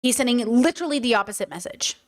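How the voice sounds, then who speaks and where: A woman's voice: on the high side, expressive, quick pace. A woman hosting a casual livestream, ranting bluntly with frequent swearing and answering questions from chat. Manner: blunt, swears, rants heatedly. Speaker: streamer and podcast host.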